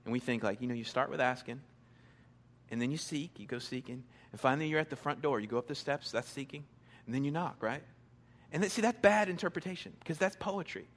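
A young adult male pastor giving a casual, conversational sermon from a church stage, with playful asides and quick bursts of excitement. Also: medium pitch, in a large hall.

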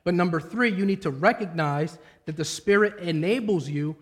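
Male pastor, 30s, high voice, conversational preaching full of personal stories. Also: moderate pace. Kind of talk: sermon.

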